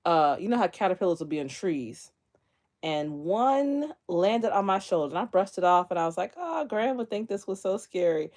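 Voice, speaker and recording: A woman's voice: on the low side, moderate pace. Chatty woman livestreaming. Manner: chatty, laughs often, animated storytelling. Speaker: livestream host. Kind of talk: casual livestream chat. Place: bedroom near closet, indoors.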